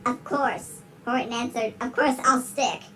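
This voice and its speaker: Soft background music plays as a performer voices a big-lipped alligator telling a dramatic rhyming story and giggling repeatedly. The natural voice is medium-pitched, a bit bright, a little slow, with fairly even intonation, on poor audio.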